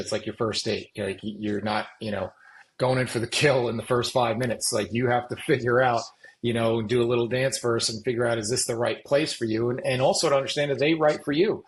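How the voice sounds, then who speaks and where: A man's voice: medium pitch, low-quality recording. Middle-aged man acting out coaching talks. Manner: acts out coach-client dialogues in quick back-and-forth. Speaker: fitness coach, podcast guest. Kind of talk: podcast interview.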